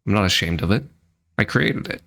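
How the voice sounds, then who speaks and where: A man's voice: fairly low pitch, expressive, fairly quick, vocal fry, pushed and bright. A man streaming a game as a VTuber, giving chatty, blunt, self-deprecating commentary. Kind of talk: casual gameplay commentary.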